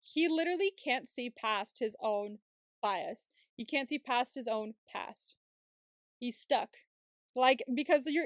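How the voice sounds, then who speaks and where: A woman's voice: sits high, lively intonation, unhurried, dry recording, studio quality. A woman co-hosting a podcast, chatting casually and animatedly about a series, swearing freely and acting out the characters. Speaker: podcast co-host. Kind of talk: casual recap chat.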